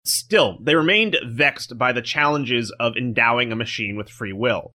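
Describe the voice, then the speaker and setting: Bright-voiced man reading a podcast script. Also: medium pitch, moderate pace. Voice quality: programmer speaking. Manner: reads a prepared script, breaks off for dry jokes. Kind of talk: scripted narration with asides in a podcast chat.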